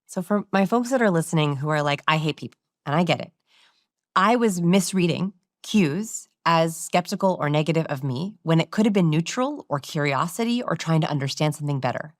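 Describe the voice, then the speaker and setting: A middle-aged woman speaks as an expert guest on a podcast, explaining social cues in an easy conversational way. She often breaks into little acted examples of how people sound. Her voice sits low, recorded close and dry with no room sound. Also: a little fast, no echo. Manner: animated, demonstrates vocal inflections. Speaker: guest expert on body language.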